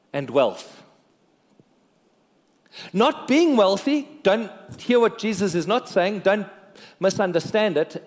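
High voiced pastor guy preaching, jokey and chatty with the crowd, lots of church hall echo. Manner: lively, joking, talks to the congregation. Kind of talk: sermon. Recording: long reverb of a church hall.

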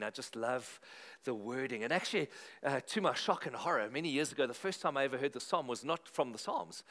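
A middle-aged pastor, preaching a sermon. His delivery is conversational and lively, and he drives his points home through emphatic repetition. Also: mid-range voice.

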